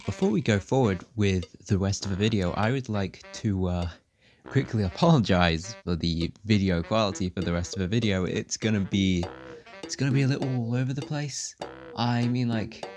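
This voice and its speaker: A man's voice: fairly low pitch, moderate pace, music in the background. A young man giving wry, teasing commentary over gameplay, grumbling at the game and joking about the story. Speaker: gaming video creator.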